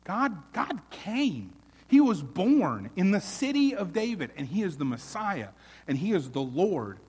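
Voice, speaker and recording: Pastor guy preaching, kinda high voice, big echo, goes loud then real quiet. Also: very animated, a little slow, slightly rough. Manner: earnest preaching, swelling loud then dropping to near hush. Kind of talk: sermon.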